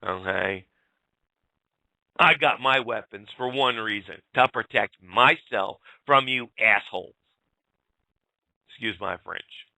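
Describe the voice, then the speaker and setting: Gravelly, forceful talk-radio man. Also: fairly low pitch, slow, long pauses, no room sound. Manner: blunt, fired-up, swears and addresses folks directly. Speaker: radio show host. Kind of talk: casual talk radio rant.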